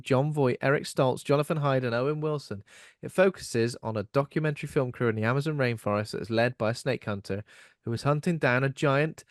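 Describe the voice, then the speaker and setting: A man's voice: medium pitch, dry recording, studio quality. A man co-hosting a podcast in casual chat, rambling and self-mocking, laughing often. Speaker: podcast co-host.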